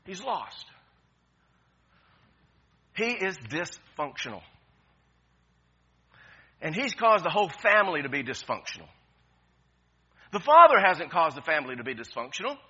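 A man's voice: fairly high pitch, very animated, a little slow, long pauses, bright, forceful tone, breathy edge, dull audio. A man preaching a sermon with passion, repeating phrases and restarting often. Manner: impassioned, repetitive preaching with many restarts. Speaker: pastor.

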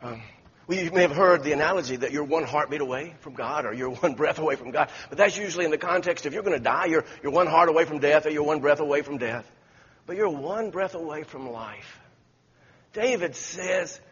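A man's voice: on the high side, a little fast, a bit bright, breathy edge. A man preaching a sermon in a church sanctuary, telling folksy stories with many restarts. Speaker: pastor. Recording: echoey church hall, dull lo-fi sound.

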